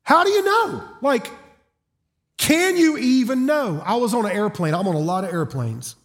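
A middle-aged Southern preacher from South Carolina with a notably high-pitched voice, delivering a sermon from a church stage. He talks in a folksy, joking, storytelling way. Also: expressive, moderate pace. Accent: Southern American. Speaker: guest preacher. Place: church auditorium.

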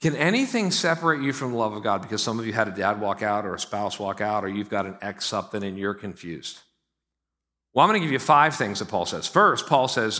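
Here a pastor with a mid-range voice and a fairly quick delivery gives an energetic, conversational sermon sprinkled with frequent remarks to his congregation.

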